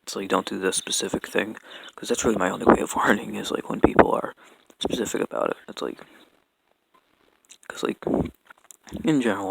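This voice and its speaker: A young man talking in a rambling personal apology monologue, halting and stumbling, with constant fillers and restarted sentences. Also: lowish voice, gravelly, heavy background noise. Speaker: vlogger.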